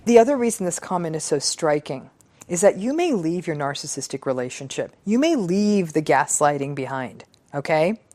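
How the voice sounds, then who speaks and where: Earnest, measured woman psychologist, lower voice. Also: very animated, mellow. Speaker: psychologist reading viewer comments. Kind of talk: reflective talk on relationships.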